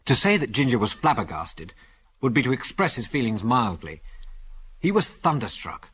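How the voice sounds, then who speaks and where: A man's voice: mid-range voice, moderate pace, music in the background. A man narrating an adventure story in a dramatic, storytelling manner. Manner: dramatic storytelling, animated delivery.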